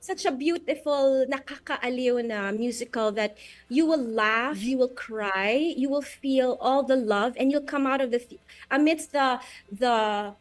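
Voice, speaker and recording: A woman's voice: high-pitched, a little slow. A Filipino woman, a stage actress, chatting animatedly in an interview and mixing English with Filipino. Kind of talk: casual interview chat.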